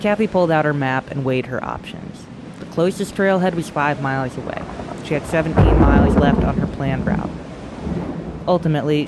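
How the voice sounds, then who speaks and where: A narrator gives scripted narration with a mid-range voice, keeping an even and measured tone. The delivery sounds like a produced audio story. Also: medium pitch, noisy background.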